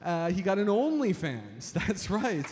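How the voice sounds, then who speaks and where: Guy doing standup, kinda high voice, rambly, lots of uh's, echoey hall with a crowd. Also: very animated, a little slow, darkish tone. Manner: rambling, filler-heavy, addresses audience as folks. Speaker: stand-up comedian. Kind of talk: stand-up comedy set. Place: stage before a live audience. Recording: reverberant hall with crowd and noise.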